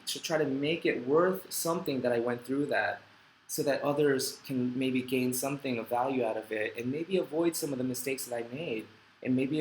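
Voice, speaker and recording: On a low-quality recording with reverb and a little hiss or hum, a middle-aged man with a medium-pitched voice runs a live Q&A stream through a desk microphone. He reads out viewer comments and talks in a rambling, heartfelt way, cracking self-deprecating jokes.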